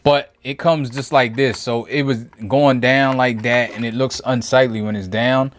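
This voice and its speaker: A man's voice: mid-range voice, fairly even intonation, moderate pace. A man giving a casual toy review from his home review table, rambling and thinking aloud with frequent self-corrections.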